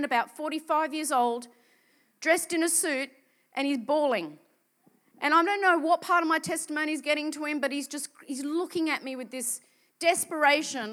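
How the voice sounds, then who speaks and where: Bright, high-voiced woman evangelist preaching. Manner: animated, emphatic storytelling. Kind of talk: sermon testimony.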